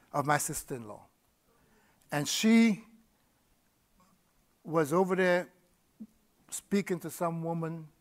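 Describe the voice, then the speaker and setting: A middle-aged man preaching a personal testimony, telling his story with laughter, repeated words and sudden bursts of energy. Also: fairly high pitch. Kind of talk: testimony sermon.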